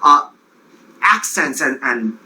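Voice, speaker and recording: Male lecturer, Long Island accent, bouncy intonation, sharp bright tone, chatty tangents. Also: medium pitch, slow pace, a little hiss or hum, low-quality recording. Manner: animated, digressive, jokey asides. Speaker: university lecturer. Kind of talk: classroom lecture.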